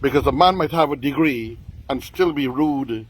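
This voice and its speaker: A middle-aged Guyanese man hosting his own show, giving preachy commentary straight to his listeners and pausing often on fillers. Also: medium pitch, slight background noise, low-quality recording. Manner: preachy, addresses listeners directly; hesitant with frequent fillers. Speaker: host. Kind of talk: casual commentary to camera.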